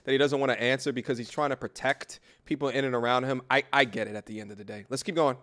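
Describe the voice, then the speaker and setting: A man's voice: mid-range voice, steady tone, fast, fairly bright tone. A man casually commenting on an interview clip, loose and rambling, laughing often. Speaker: reaction streamer.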